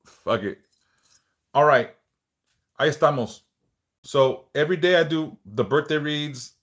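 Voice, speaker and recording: This man's voice sits on the high side, and he speaks at a measured pace while hosting a livestream. After leading prayers he chats casually, swearing occasionally and reading chat out loud in a relaxed manner. He talks about stuttering, and a few words get repeated.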